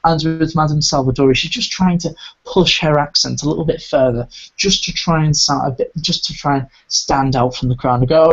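A man's voice: fairly high pitch, fairly quick, husky. A man hosting a casual podcast review, talking with keen enthusiasm and rambling through frequent restarts. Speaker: podcast host reviewing audio dramas. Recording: dull lo-fi recording.

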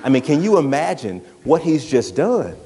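A man's voice: fairly high pitch, very animated, moderate pace, dark tone, long reverb tail. A man, a pastor preaching a sermon in a conversational, emphatic way that drives points home through repetition. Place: church sanctuary.

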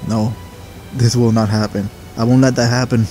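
A man voicing a calm older master who speaks in a measured, reassuring way. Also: mid-range voice, faint music behind, lightly acted. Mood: steady. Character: calm older male master, steady mentor.

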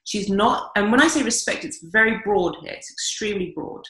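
A woman's voice: mid-range voice, lively intonation, brisk, sharp tone. A woman in her forties, a dating coach giving blunt, emphatic advice on a podcast, swearing freely. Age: 40s. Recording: echoey room.

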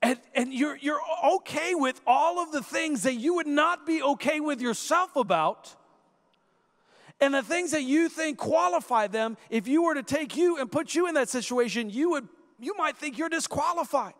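A man in his thirties preaching a sermon, telling a family story in an animated way, acting out the voices and rising to shouts. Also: extremely high pitch, moderate pace. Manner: animated storyteller who acts out quoted voices and rises to shouts. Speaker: guest preacher. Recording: long echoing hall reverb.

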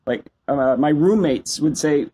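A man in his fifties from Canada, a company CEO telling stories as a guest in a casual interview, animated and self-deprecating. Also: fairly high pitch, measured pace, husky, rough recording. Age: 50s.

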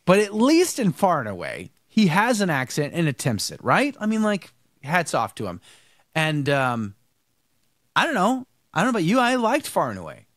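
A man hosting a live-streamed talk show, talking in an animated, rambling way and often repeating words. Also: fairly high pitch, no room sound, studio quality. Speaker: show host. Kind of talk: live-stream commentary and chat.

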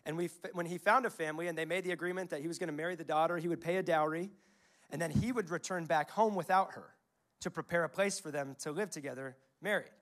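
A man's voice: a little high, quick pace, a bit bright. A young man in his twenties or thirties preaching a sermon as a pastor, telling stories in a conversational way and quoting scripture. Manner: conversational storytelling, quotes scripture.

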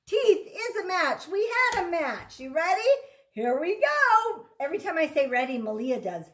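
Very high-voiced, lively woman speech therapist. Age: adult. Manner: slow, enthusiastic coaching prompts. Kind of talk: remote speech practice game for children.

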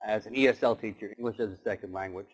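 A man's voice: lowish voice, fairly even intonation, fast talker, slightly rough, poor audio. A man giving a motivational keynote talk, telling stories and doing short animal voices. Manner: storytelling with acted animal voices. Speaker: keynote speaker.

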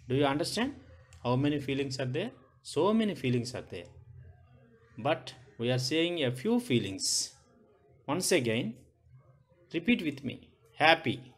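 A male teacher with an Indian English accent and a mid-range voice gives a lesson to young children. He asks them questions and repeats his points.

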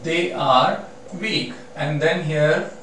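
A man explaining a poem in a lecture, speaking slowly and deliberately with frequent hesitations. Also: fairly high pitch, fairly bright tone, faint music behind. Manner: slow and deliberate, many fillers. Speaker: literature teacher. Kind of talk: poetry lecture. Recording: echoey room, mic at a distance, faint background hum.

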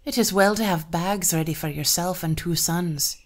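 A woman's voice: on the low side, moderate pace, close to an everyday voice. A woman voicing an old male weaver who speaks in a welcoming way.

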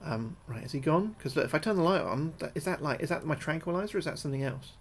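A British man streaming a game live, talking through each move, often repeating himself, thanking his viewers and getting jumpy and loud when spooked. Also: a little high, lively intonation, quick pace, creaky, husky. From United Kingdom. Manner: chatty, repeats his own phrases, thanks viewers between moves. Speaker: gaming livestreamer. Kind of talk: live gameplay commentary.

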